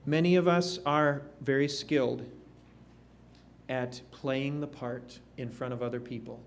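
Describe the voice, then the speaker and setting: A man preaching a sermon, slow and emphatic, with rising questions to the congregation. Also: medium pitch, fairly even intonation.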